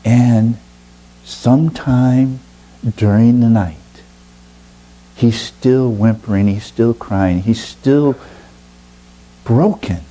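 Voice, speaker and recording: Male storyteller, unhurried, dramatic pauses, low husky voice. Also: mellow, poor audio. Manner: slow, drawn-out, dramatic pauses. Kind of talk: oral storytelling.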